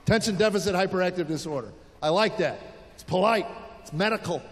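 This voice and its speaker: A man's voice: high-pitched, fast talker. A man in his sixties from the United States, telling stories in a stand-up comedy set and acting out the quoted lines. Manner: storytelling with acted-out quotes. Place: large hall with audience. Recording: live hall reverb.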